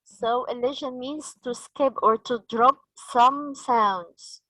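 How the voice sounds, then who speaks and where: A woman trains teachers in English. She speaks slowly and patiently and keeps prompting the group with questions. Her voice sits a little high in a dry, close recording. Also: a bit bright, dry recording, rough recording. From Egypt.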